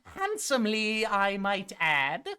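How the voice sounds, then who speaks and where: A woman voicing a chatty elderly female mud-seller in a tabletop game, with a high, sugary, coaxing voice. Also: huge pitch swings, slow, bright, forceful tone, clear, resonant tone, exaggerated voice.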